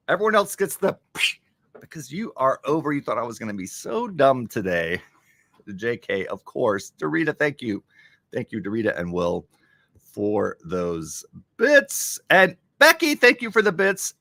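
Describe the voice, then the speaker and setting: Lively bright-voiced male streamer. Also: on the high side, no echo. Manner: animated, joking, thanking viewers. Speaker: livestream host. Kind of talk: casual live-stream chat. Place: home in Rochester, New York.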